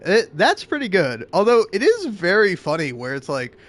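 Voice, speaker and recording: A man's voice: sits high, wildly swooping pitch, moderate pace, a bit bright. A man giving casual, rambling commentary on a video game as he plays, full of restarts and fillers. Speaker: let's play streamer. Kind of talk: gameplay commentary and narration.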